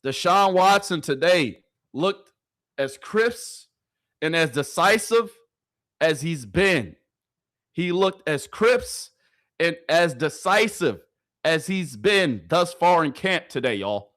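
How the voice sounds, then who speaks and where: A man's voice: a little high, animated, slow pace, a bit bright, no echo. A man runs casual sports commentary over practice clips. He talks straight to his viewers in a hyped, slangy way, repeating his lines for effect. The recording is dry and close. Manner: hyped, repetitive, slangy delivery addressing viewers.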